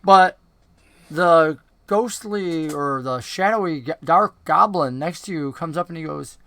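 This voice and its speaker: A man's voice: fairly high pitch, unhurried, pushed and bright, dry recording. A man narrating a tabletop game as game master, chatty and enthusiastic with many fillers.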